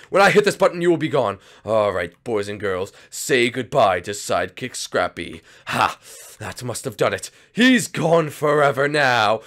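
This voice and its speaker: Man doing a scheming reptile villain, gloating, theatrical, gravelly, lowish voice, game roleplay. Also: fairly bright tone.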